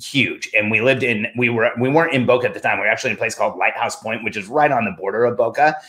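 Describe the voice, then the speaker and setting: Speaking fast in a fairly low pitch, a middle-aged man relates a personal anecdote in a casual way. Along the way he animatedly quotes himself and other people, lifting his voice for his own lines.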